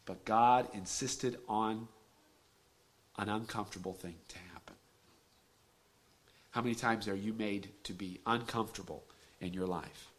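A man preaching a sermon, dropping to a hushed near-whisper and then rising to loud, emphatic peaks. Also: fairly low pitch, fairly even intonation, measured pace, long pauses.

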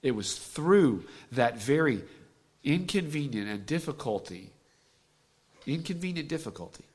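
A man preaching a sermon, dropping to a hushed near-whisper and then rising to loud, emphatic peaks. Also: medium pitch, animated, a little slow, breathy edge.

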